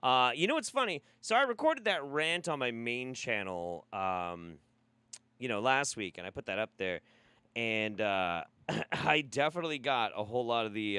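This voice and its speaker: A man's voice: mid-range voice, lively intonation, normal speed, pushed and bright, clean tone, dry recording. A man hosting a live stream, commenting on a clip in a sarcastic, mocking way and swearing freely. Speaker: streamer host reacting to a video.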